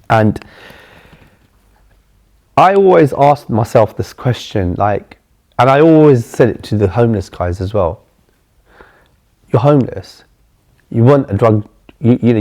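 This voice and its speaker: Middle-aged London man, low and mellow, earnest interview storyteller who restarts phrases. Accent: London English. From England. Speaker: charity chief executive.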